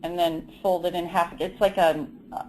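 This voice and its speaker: A woman's voice: fairly low pitch, steady tone, normal speed, a little mellow, slight background noise, low-quality recording. A woman from Vermont, a business owner speaking as a guest on a casual conference call, friendly and conversational.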